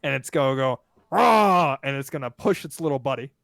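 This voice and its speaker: A man's voice: medium pitch, fairly even intonation, fast talker, no room sound, clean studio sound. A man running a tabletop game as game master, casually counting out moves and rulings. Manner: casual, counts out movement step by step.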